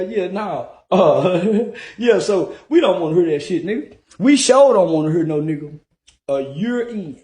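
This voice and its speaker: A man giving loud, animated, profane commentary, often repeating "yeah, yeah" and laughing. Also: sits high. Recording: roomy echo.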